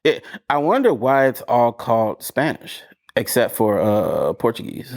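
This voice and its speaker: A man's voice: mid-range voice, big pitch swings, unhurried, a little mellow. A man co-hosting a podcast, chatting casually and laughing often. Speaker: podcast co-host. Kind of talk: casual chat.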